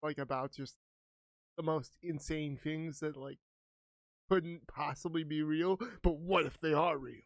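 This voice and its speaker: A man's voice: on the high side, fairly even intonation, a little slow, no echo, studio quality. A man co-hosting a podcast in casual chat, easygoing and skeptical with short replies. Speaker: podcast co-host.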